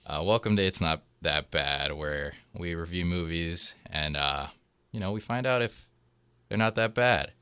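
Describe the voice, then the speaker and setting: A man's voice: sits low, unhurried, pushed and bright, clean tone, no echo. A man hosting a casual movie-review podcast, loose and joking. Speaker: podcast host.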